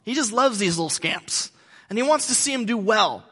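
Man, pastor, casual joking sermon, high voice, echoing hall. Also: lively intonation, normal speed, bright, forceful tone, husky. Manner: conversational, joking asides.

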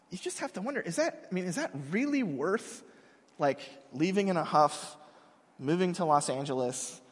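A high, husky male voice preaches to a congregation in his thirties' easy, self-mocking, chatty manner. His pitch swings widely as he talks. A long hall reverb trails every phrase. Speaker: pastor. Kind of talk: sermon.

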